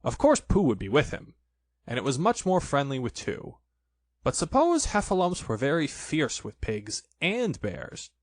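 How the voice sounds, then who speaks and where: A man reads a children's storybook aloud, expressive and playful. His voice rises and falls a lot. The sound is dry and close. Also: a little high, measured pace, no room sound. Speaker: narrator.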